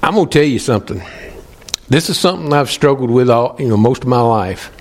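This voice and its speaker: A male pastor, preaching emphatically, slowing and pausing for stress. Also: medium pitch, expressive. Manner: emphatic, pleading with pauses. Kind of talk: sermon.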